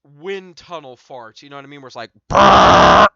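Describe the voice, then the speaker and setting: This young streamer host smokes and rambles through a long, profane story for chat, packed with filler words. He speaks briskly and with animation in a medium-pitched, smooth, fairly bright voice, though the audio sounds dull.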